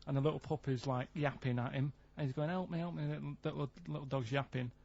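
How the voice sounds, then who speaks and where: A man's voice: mid-range voice, level tone, fast talker, vocal fry, darkish tone, breathy edge, highs cut off. A man on a radio show, telling a rambling story in plain casual chat. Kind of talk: casual studio banter.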